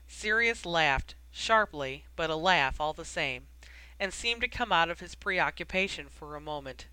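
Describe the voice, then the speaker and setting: Narrator, bright crisp tone, dry close sound, steady storybook reading. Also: medium pitch, a little slow, no room sound, poor audio. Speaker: audiobook narrator. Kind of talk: scripted narration.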